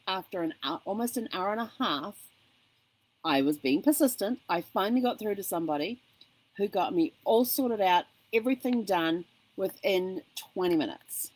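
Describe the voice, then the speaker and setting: A middle-aged woman chats to her viewers in a casual vlog. Her voice is breathy and sits in a middle pitch. She tells a long story with animation and puts on the voices of the people from her phone calls. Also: lively intonation, normal speed, rough recording. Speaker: vlog host. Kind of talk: casual chat.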